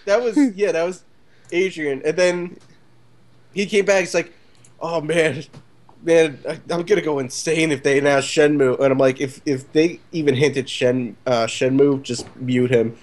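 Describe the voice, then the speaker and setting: Fairly high-voiced man in casual podcast chat. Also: steady tone, a little slow, darkish tone. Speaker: podcast co-host.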